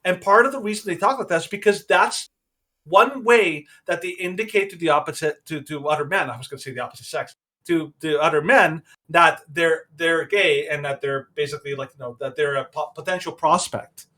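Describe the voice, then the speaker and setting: A man's voice: on the high side, fairly quick, sharp tone. A man co-hosting a podcast, giving opinionated casual commentary that rambles with many restarts. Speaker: podcast co-host.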